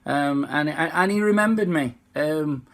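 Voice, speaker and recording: A man with a Yorkshire accent, unwell, chatting to fans in a halting, heartfelt way. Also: a little high, fairly bright tone. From Yorkshire, England. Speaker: singer and tribute impersonator. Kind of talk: casual fan video chat.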